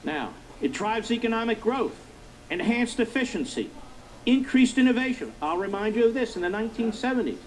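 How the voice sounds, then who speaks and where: A man's voice: very high-pitched, expressive, fairly quick, slight background noise, poor audio. A middle-aged man hosting a political commentary monologue, emphatic and repetitive, firing rhetorical questions at his listeners. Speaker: talk show host.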